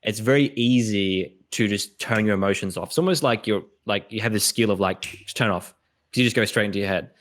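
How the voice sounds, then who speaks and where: Animated Australian man telling stories. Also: on the low side, fairly quick, a little hiss or hum. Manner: animated storytelling, acts out quoted voices. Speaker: podcast host. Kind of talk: casual conversation.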